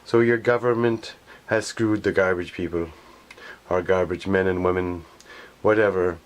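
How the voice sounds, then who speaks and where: A garbage collector delivering an indignant, rambling monologue, repeating himself and often pausing with filler phrases as he searches for words. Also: deep voice, fairly even intonation. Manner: indignant, repetitive, often pauses with "how you say".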